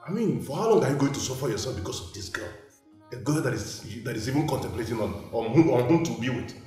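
An actor with a Nigerian accent in a film drama, blunt and dismissive, recorded far off in an echoey room. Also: male voice, mid-range voice, expressive, quick pace, dark tone, soft background music, lightly acted.

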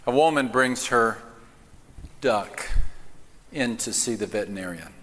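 A pastor giving a live sermon, telling stories and slowing down to stress key lines. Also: male voice, mid-range voice, animated, fairly bright tone, slight background noise. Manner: storytelling, slow emphatic cadence. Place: church auditorium. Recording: long reverb of a large church.

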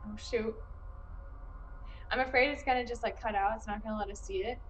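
A young woman streaming a video game live, chatting and reacting as she plays, flustered and excited at times. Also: on the high side, brisk, soft background music, poor audio.

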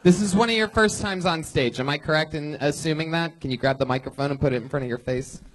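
A man hosting a live comedy show, loud, excitable, crude and teasing. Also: on the high side, fast. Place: comedy club stage.

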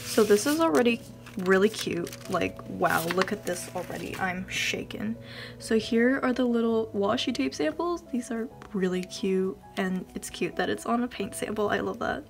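A woman vlogger chatting casually as she unboxes a package, gushing and giggling, often dropping into soft whispers. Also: medium pitch, unhurried, gravelly, faint music behind.

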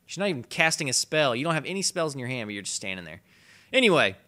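A young man with a hoarse voice from a cold, rambling and swearing casually through his video game commentary. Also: medium pitch, sing-song, quick pace, pushed and bright. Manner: rambling, profane, laughs at himself. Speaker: let's play host.

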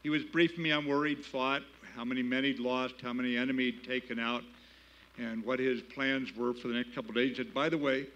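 Older male keynote speaker, mid-pitched, folksy storyteller, slightly dull lo-fi sound. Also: a bit bright, a little hiss or hum. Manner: plain-spoken, folksy, building to emphatic patriotic appeals. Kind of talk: storytelling speech. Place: gala banquet hall.

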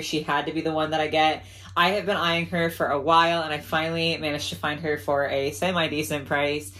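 Woman chatting casually about her dolls, lowish voice, lots of "like" and little laughs, gets emotional and thankful. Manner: chatty, with frequent fillers and soft laughs; openly emotional and grateful. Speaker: doll collector vlogger. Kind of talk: casual haul vlog.

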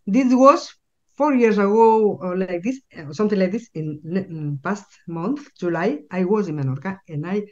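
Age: adult. Sex: woman. Native language: Spanish. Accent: Spanish. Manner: halting, repeats words. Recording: lo-fi. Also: mid-range voice. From Spain. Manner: animated, halting, repeats words while searching for English. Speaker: guest. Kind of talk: casual interview storytelling.

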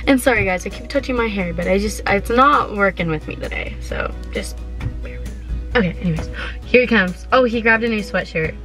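A teenage girl vlogging from her parked car, chatty and excitable, giggling often and filling her talk with "like.". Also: mid-range voice, fairly quick, soft background music. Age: teens. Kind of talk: casual vlog chat. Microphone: handheld camera.

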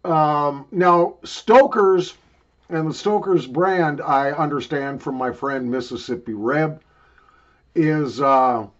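A man's voice: fairly high pitch, slow, a bit bright, lo-fi sound. An older man rambling and joking crudely while he talks around a wad of chewing tobacco in a casual review video.

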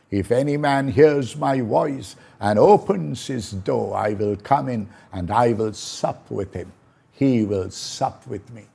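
A man preaching a slow, prayerful sermon, repeating phrases for emphasis. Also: mid-range voice, vocal fry, dark tone, slightly rough. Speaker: pastor.

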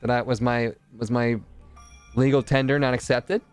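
A male streamer chatting casually over his game, jokey and quick to exclaim at what happens on screen. His voice is smooth and clear at a mid pitch. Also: soft background music. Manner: jokey, animated, chatting with viewers. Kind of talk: casual live game commentary.

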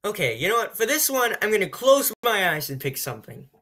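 A woman's voice: mid-range voice, very animated, a little fast, fairly bright tone. A woman gaming YouTuber giving casual commentary as she plays, chatting and muttering to herself while she picks options.

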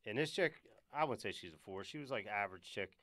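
A man's voice: on the low side, lively intonation, quick pace, a crowd in the background. Laid-back young man mumbling his words. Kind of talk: casual crude banter.

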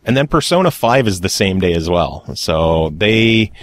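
A man hosting a casual podcast, relaxed and joking, with plenty of offhand swearing. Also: deep voice, normal speed, no room sound. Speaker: podcast host.

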